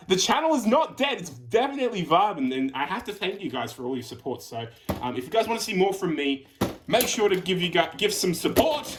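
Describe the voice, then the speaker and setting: A man's voice: high-pitched, a little hiss or hum. A man from Australia hosting his own channel, giving a chatty toy review full of fillers and restarts. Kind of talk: casual review commentary. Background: background music.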